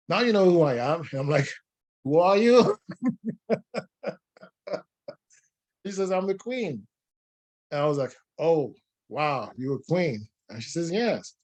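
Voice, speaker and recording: A man speaking as a guest medium and painter, telling a personal story in an earnest, relaxed way with frequent restarts. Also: medium pitch. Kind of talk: conversational storytelling.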